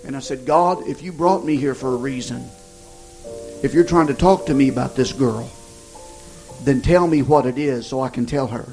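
A man preaches as he retells a story from his own travels, his voice rough and gravelly. He speaks in a folksy, halting way, often circling back to restart a sentence. Music plays clearly behind him the whole time. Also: mid-range voice, a little mellow, low-quality recording. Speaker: evangelist. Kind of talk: sermon testimony storytelling.

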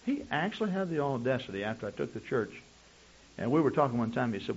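A man's voice: medium pitch, sing-song, fast talker. A male pastor preaching a sermon, telling stories in long chains of "and" with frequent restarts. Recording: dull lo-fi recording.

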